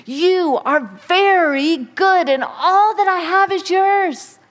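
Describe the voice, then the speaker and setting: A woman's voice: extremely high pitch, takes it slowly, long reverb tail, voice pushed up. A woman preacher voicing God as a loving father, with fervent, rising assurance.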